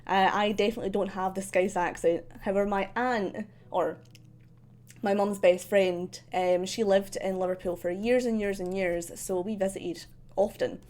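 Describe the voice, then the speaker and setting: A young woman from central Scotland with a softened, slightly posh Scottish accent, chatting casually while drawing on a stream, rambling with many ums and likes and laughing often. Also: medium pitch, steady tone, normal speed.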